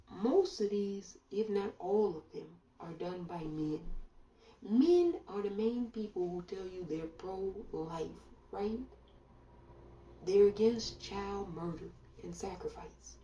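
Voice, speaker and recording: A woman delivers a blunt, sardonic monologue with a dark, mellow tone. Her voice sits a little back from the mic. The room gives it an echoey ring. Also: medium pitch, muffled recording. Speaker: commentator. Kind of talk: opinion monologue. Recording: roomy sound from a distance.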